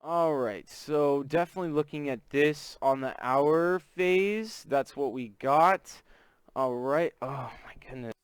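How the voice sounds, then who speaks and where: A man's voice: a little high, slow pace, clean tone, no room sound. A man from Texas with a Southern accent, hosting a live trading stream in casual, chatty talk and greeting viewers by name. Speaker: forex trading stream host.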